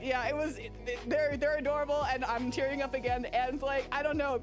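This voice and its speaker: A woman chatting casually during a game playthrough, rambling and swearing freely, with big animated swings in her voice as she tells a story. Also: high voice, fairly quick, hardly any pauses. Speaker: gaming YouTuber. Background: game music.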